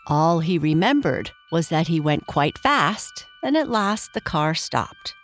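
A woman reading a children's story aloud, gently lifting her pitch for the characters. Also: sing-song, takes it slowly, soft background music.

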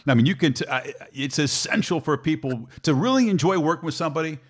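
A man, a broadcast host, telling a long animated story in casual conversation, with frequent restarts. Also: fairly high pitch, quick pace.

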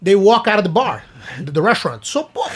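A man's voice: sits high, brisk, slightly rough. A man from Brazil with a Brazilian Portuguese accent, telling a story in casual chat with much laughter. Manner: lively, laughing, acts out voices in his story. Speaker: guest storyteller.

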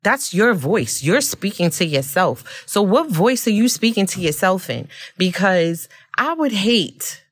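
A woman hosting a podcast, telling a personal story in a candid, expressive way and often laughing. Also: medium pitch, unhurried, few pauses, no echo. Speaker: podcast host.

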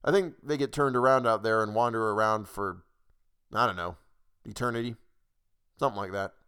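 Man voicing a resigned stranger, weary, unhurried, storybook reading. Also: lowish voice, sharp tone, clean tone.

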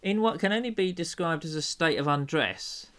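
A man's voice: on the high side, animated, normal speed, a bit bright. A tired man hosting a casual podcast chat from an old house, with dry, wry humour and hesitant fillers. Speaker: podcast host.

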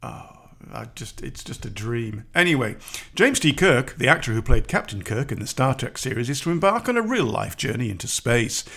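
A man's voice: medium pitch, big pitch swings, moderate pace, gravelly, hardly any pauses, fairly bright tone. A middle-aged man co-hosting a podcast in a rambling, self-deprecating chat, laughing often. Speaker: podcast co-host. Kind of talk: casual chat.

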